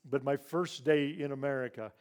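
Older guy from ivory coast telling his life story at church, earnest, voice goes quiet and emotional on the sad bits, middle pitch. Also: steady tone, normal speed. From grew up in Ivory Coast. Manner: earnest, hushed and emotional when recounting loss. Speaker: charity president speaking to a church audience. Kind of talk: personal storytelling talk.

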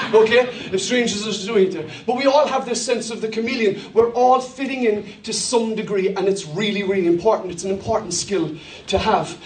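High-voiced Irish pastor in echoey hall. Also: male voice, a little hiss or hum. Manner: jovial, joking with the congregation. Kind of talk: sermon. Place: church hall. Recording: echoey hall, mic far off.

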